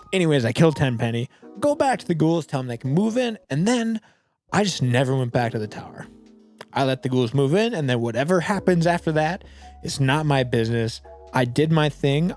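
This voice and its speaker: A man's voice: mid-range voice, a little mellow. A young man giving casual gameplay commentary, rambling and saying "like" a lot. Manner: rambling, heavy use of "like". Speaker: gaming video creator.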